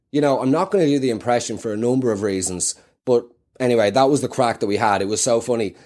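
A man's voice: mid-range voice, quick pace, darkish tone. A man with a South Dublin Irish accent doing rambling, self-mocking stand-up comedy with plenty of swearing. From Ireland.

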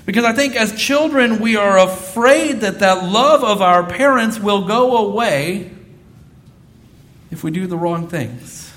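A man's voice: high-pitched, animated, unhurried, fairly bright tone. A man in his thirties preaching a sermon, earnest and repeating phrases for emphasis. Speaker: pastor.

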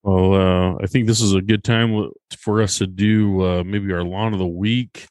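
A man hosting a live podcast, leading into the next segment in a relaxed, conversational way. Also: low-pitched, normal speed, slight background noise. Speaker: podcast host.

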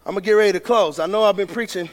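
A man preaching a sermon, reading scripture and building to shouted, emphatic preaching. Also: high-pitched, racing. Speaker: pastor. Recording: long hall reverb.

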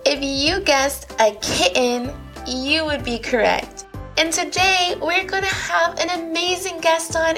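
A woman's voice: high-pitched, a bit bright. A woman hosting a children's reading show, quizzing her young listeners in a bubbly way. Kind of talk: upbeat kids' show hosting.

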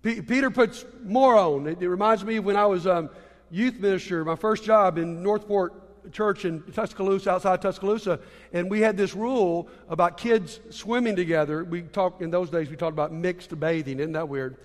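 Male preacher, chatty storytelling delivery, pitched high, big hall reverb. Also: moderate pace. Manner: storytelling, conversational, with repeated restarts. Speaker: pastor. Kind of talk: sermon.

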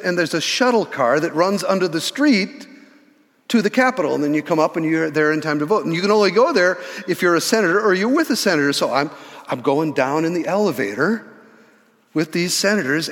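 A man in his sixties telling a story in a sermon, animated, often restarting his words. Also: on the high side. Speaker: pastor. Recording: reverberant church hall.

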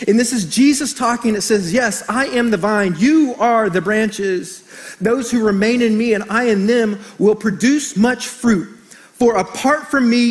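A middle-aged man preaching a sermon as pastor, animated and storytelling, joking with the congregation. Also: very high-pitched.

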